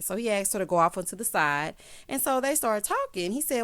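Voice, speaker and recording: A woman's voice: a little high, animated, normal speed, smooth. A woman giving a sassy, chatty recap of a reality show, peppering her talk with "child" and "honey" asides and acting out what the cast said. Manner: acts out cast members' lines in shifting voices. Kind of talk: casual recap commentary.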